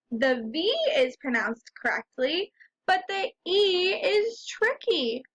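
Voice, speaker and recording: A woman teaching a reading lesson to young children, slowly sounding out letters and words in a patient, encouraging way. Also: sits high, a bit bright.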